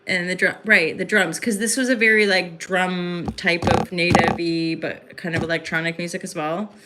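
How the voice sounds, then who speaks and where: A woman's voice: on the low side, fairly even intonation, normal speed, sharp tone, a little hiss or hum. A woman hosting a casual livestream into her phone at home in the evening, rambling and effusive, with lots of fillers. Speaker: livestream host and spiritual reader.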